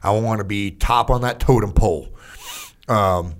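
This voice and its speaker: An older man, an army veteran, telling stories in a casual interview, profane and animated, full of fillers. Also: fairly low pitch, normal speed.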